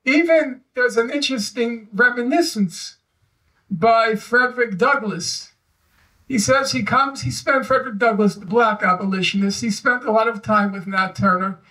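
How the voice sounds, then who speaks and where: A man's voice: very high-pitched, moderate pace, sharp tone, far from the mic, rough recording. A man, a historian and guest speaker, talking in a live public discussion in an emphatic, storytelling way. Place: live event venue.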